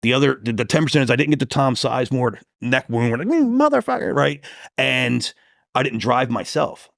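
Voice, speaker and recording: A gravelly-voiced man, a police detective, tells his story in an interview with salty language and animated quoted lines. The sound is dry and close, with no room around it. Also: medium pitch, fairly quick, no echo.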